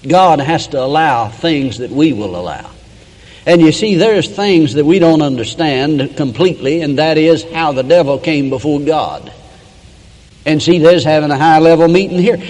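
A man preaching a sermon, reading old scripture verses aloud and stepping out to explain them in plain talk. His voice sits on the higher side and lifts and slows when he stresses a point. The sound carries a long hall reverb. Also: expressive, darkish tone. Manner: reads King James verses, then breaks in with plain asides; rises and slows for emphasis, acts out quoted voices.

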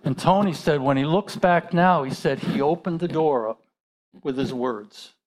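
Male pastor, high voice, chatty sermon delivery with questions to the congregation. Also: normal speed, darkish tone. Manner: conversational preaching with rhetorical questions.

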